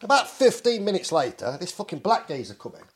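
This middle-aged English man has a high-sitting, sing-song voice and a brisk delivery. Telling a casual story, he curses constantly and performs the people involved.

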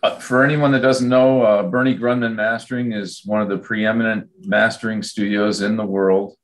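Man, low voice, podcast guest, conversational, explanatory. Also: little pitch movement, moderate pace. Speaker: podcast guest, mastering engineer. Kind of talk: casual chat.

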